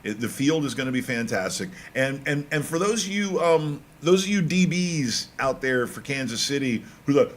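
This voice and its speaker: A man co-hosting a sports radio show, talking in an emphatic, animated and teasing way. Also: medium pitch, normal speed, few pauses. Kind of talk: casual sports talk.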